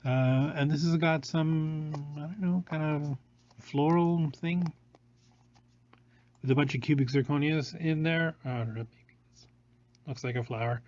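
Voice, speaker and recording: A man's voice: fairly high pitch, a little mellow, highs cut off. A man hosting a live product showcase, rambling along with many fillers and restarts, recorded on a phone. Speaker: jewelry showroom host.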